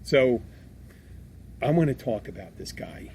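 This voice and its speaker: Man from Philadelphia, podcast host, blunt, profane, rambling, middle pitch, slight noise. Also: animated, a little slow, a little mellow. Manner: blunt, swears freely, self-described abrasive; rambling, lots of restarts. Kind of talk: casual podcast chat.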